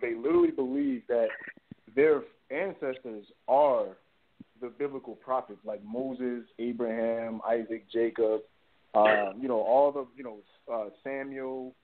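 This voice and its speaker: Man, call-in interview guest, halting, many fillers, mid voice, tinny phone audio. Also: mid-range voice. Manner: halting, filler-heavy explaining. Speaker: guest, former movement member. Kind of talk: call-in talk show interview.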